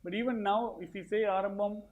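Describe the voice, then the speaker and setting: Rapid-fire Indian male host. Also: sits high, fairly even intonation, dull audio, a little hiss or hum. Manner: rapid, mixes languages mid-sentence. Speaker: interview host. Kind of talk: interview questions.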